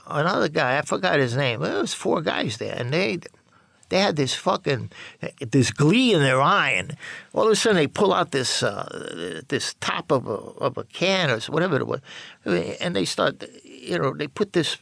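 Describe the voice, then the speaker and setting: A man with a gravelly, creaky voice tells his story bluntly and profanely. He jumps into the voices of the people he quotes, and the sound is dry and close. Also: medium pitch, a bit bright, no room sound. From New York. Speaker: storyteller recounting his past. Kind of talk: candid spoken memoir.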